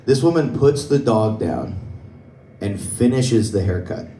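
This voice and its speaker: A man's voice: on the low side, lively intonation, unhurried, warm tone, a little hiss or hum. A young man doing a stand-up comedy set on a club stage, telling stories conversationally and laughing at his own jokes. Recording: roomy club sound, mic from a distance.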